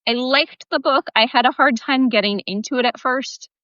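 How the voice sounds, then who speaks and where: A woman co-hosting a casual book podcast, talking in a chatty, animated way. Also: high voice, normal speed, no echo, highs cut off. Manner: chatty, animated, many fillers. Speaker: podcast co-host. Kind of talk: casual chat.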